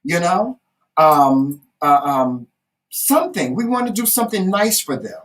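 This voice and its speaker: A woman's voice: on the low side, lively intonation, a little slow, recorded from a distance, rough recording. A woman with a Southern American accent, co-hosting a casual chat, telling stories emphatically with salty, folksy asides. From Southern United States. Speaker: co-host.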